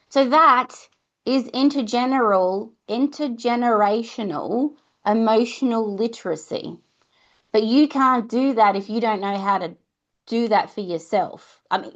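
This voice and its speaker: A chatty woman hosts a podcast and speaks in a mid-pitched voice. She sounds reassuring and sometimes acts out quick back-and-forths with a child. The recording is a little dull and lo-fi. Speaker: podcast host. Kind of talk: casual advice talk.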